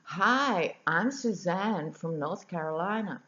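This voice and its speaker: A woman voicing a friendly but awkward American woman who talks loudly and slowly. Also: very deep voice, big pitch swings, reverberant, heavily acted. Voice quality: loud and slow. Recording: dull lo-fi audio.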